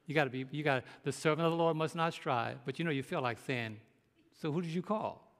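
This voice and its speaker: A male pastor preaches a sermon in a high voice, pressing his points hard and throwing rhetorical questions at the congregation. His voice carries a long reverb from a large hall. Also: fast talker, a bit bright.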